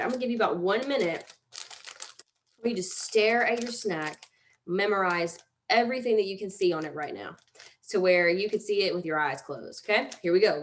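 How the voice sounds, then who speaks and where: A young woman leads a relaxed mindfulness lesson in a mid-range voice. She talks casually and pokes fun at herself while walking the listener through each step. A faint noise sits under her voice. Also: mid-range voice. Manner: chatty, self-deprecating, yawns often. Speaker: mindfulness teacher. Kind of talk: casual guided exercise.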